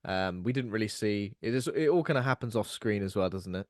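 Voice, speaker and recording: A man's voice: lowish voice, animated, a little fast, dry recording. Dry-sounding man recapping a plot. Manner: hesitant, reads plot notes aloud, amused. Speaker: podcast co-host. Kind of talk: casual film review chat.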